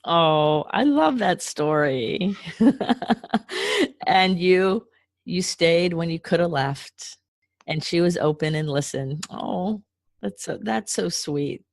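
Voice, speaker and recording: Lady podcast host, lowish voice, encouraging, dry close mic. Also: lively intonation, slow pace, dry recording. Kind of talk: conversational podcast interview.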